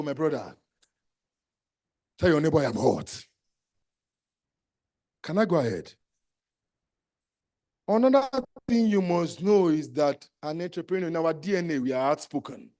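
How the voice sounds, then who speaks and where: A man with a Nigerian accent delivers a live motivational talk on entrepreneurship, his voice pitched high for a man. He is emphatic and exhorting, repeats commands to his listeners, and drops into Pidgin phrases. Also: darkish tone. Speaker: entrepreneurship trainer.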